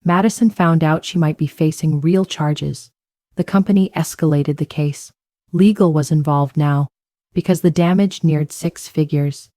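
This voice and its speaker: A woman tells a dramatic first-person story in a low, mellow voice. The recording is dry and close, with no room sound. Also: fairly even intonation, a little slow, no room sound. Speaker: narrator.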